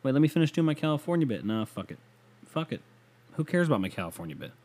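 Sarcastic guy ranting on his podcast, swears a lot, kinda mellow dark voice. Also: medium pitch, very animated, quick pace. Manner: profane, sarcastic, rambling. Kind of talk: casual comedic rant.

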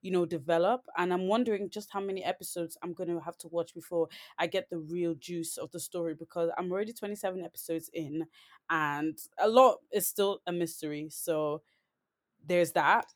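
A woman's voice: fairly low pitch, normal speed. A woman co-hosting a podcast, chatting casually and rambling, with many "like"s and restarts. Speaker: podcast co-host. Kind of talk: casual chat.

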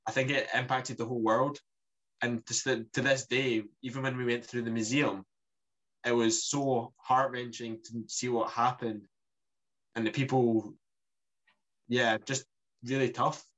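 Man, casual travel chat, rambling delivery, average pitch. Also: flat delivery, measured pace, pauses often, a bit bright, low-quality recording. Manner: rambling, many restarts and fillers. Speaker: podcast co-host.

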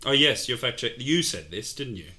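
A man co-hosting a casual podcast, chatty and quick to tease his co-hosts. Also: medium pitch, sing-song, pushed and bright. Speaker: podcast co-host.

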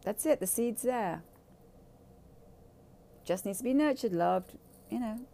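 A woman's voice: mid-range voice, takes it slowly, creaky, dark tone. A woman speaking candidly in a blunt, profane and emphatic way. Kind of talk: candid casual talk.

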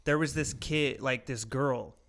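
A man's voice: medium pitch, measured pace, vocal fry, fairly bright tone. A young American man chatting casually on a podcast, telling school stories with lots of swearing and laughter. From United States. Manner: profane, laughing storyteller. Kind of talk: casual chat.

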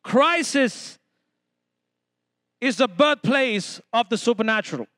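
High-voiced pastor preaching emphatically. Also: male voice, animated, slow, fairly bright tone, no room sound. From India. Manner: emphatic preaching with call-and-response to the congregation. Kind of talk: sermon.

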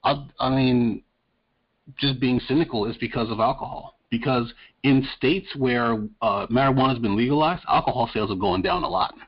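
A man with a husky voice speaks earnestly in a casual podcast talk, repeating himself as he builds an argument. The recording sounds muffled and lo-fi. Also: medium pitch, moderate pace. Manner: earnest, stammering restarts when arguing a point. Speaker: podcast co-host. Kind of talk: casual chat. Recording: dull lo-fi sound.

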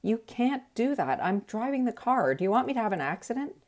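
A woman's voice: on the high side, sing-song, a little fast, darkish tone, voice pushed up. A woman voicing her partner, an exasperated father scolding his kids from the driver's seat. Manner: pleading, scolding.

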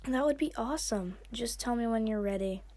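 A woman voicing a shy, soft-spoken young female dragon. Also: fairly high pitch, fairly quick.

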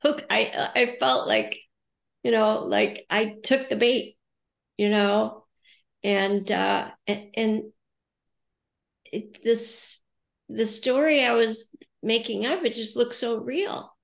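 Speaking slowly with long pauses and vocal fry, this middle-aged woman from the United States reflects aloud on her podcast, voicing her inner dialogue as a coach would. Her pitch is on the high side. There's noticeable reverb in the recording.

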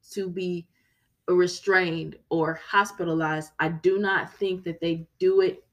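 A woman hosting a podcast, telling a personal story in an earnest, emphatic way and repeating key phrases for weight. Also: fairly low pitch. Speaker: podcast host.

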